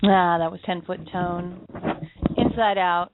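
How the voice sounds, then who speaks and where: A woman's voice: fairly low pitch, steady tone, slow pace, a little hiss or hum. A woman co-hosting an internet radio show, telling stories in a reflective, casual way and laughing often. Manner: reflective storytelling with frequent laughs. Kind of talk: casual chat. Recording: tinny phone-line audio.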